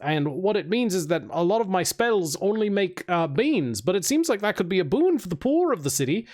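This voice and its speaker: A man's voice: sits high, very animated, brisk, darkish tone. A man narrating a tabletop game as game master, loose and rambling with many fillers and frequent laughs.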